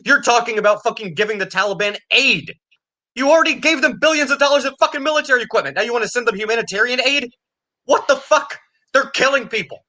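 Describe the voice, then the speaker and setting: Man, high voice, bright tone, furious profane ranting, sarcastic. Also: expressive, fast talker. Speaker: podcast co-host. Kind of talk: ranting political banter.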